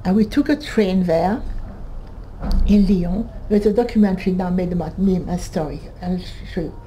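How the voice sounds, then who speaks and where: A woman in her eighties from northern France with a French accent, giving a halting personal testimony, often restarting and repeating words. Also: fairly low pitch, warm tone, slight background noise, poor audio. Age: 80s. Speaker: Holocaust survivor giving testimony.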